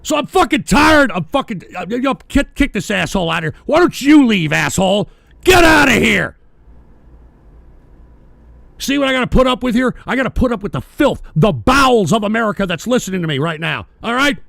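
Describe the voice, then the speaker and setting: A male radio host rants with fury, swearing freely and often breaking into shouts. His voice sits very high for a man and carries a gravelly rasp. The recording is dry and close, with no room echo. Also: expressive, fast, hardly any pauses. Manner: profane, ranting, often shouting. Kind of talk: angry political rant.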